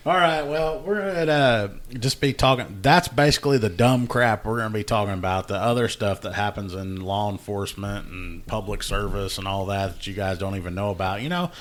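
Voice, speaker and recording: A man's voice: on the low side, a little fast, hardly any pauses. A man, hosting a casual podcast chat and telling a work story with plenty of laughter and acted-out dialogue. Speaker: podcast host, law enforcement officer.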